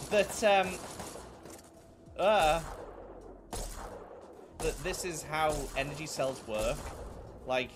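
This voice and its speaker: Welsh woman, game commentary, lively swooping pitch, unhurried delivery, prone to shrieks. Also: slight background noise. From Wales. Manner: excitable, shrieks and squeals at game events. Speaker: gaming video host. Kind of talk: casual let's-play commentary.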